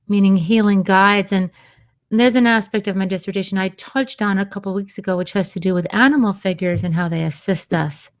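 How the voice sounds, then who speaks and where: A woman hosting a radio show on healing, speaking in a gentle, soothing way. She takes her time, drifting into quiet asides and soft laughter. Her pitch sits in the middle range for a woman, and her delivery stays slow. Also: no echo, clean studio sound. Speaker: radio show host and vocal sound healer.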